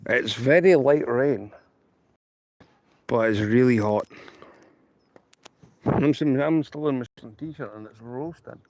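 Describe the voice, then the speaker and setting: A Scottish trainspotting streamer talks casually to viewers from outdoors by the railway, handheld camera in hand. His mid-range, darkish voice goes slowly with frequent pauses, rambling, emphatic and repetitive, with no echo.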